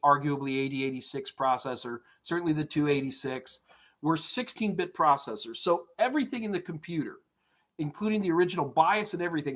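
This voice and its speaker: Chatty, slightly high-voiced male instructor. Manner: energetic, chatty, rambling with many fillers. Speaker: IT certification instructor. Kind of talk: live-stream Q&A. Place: home office.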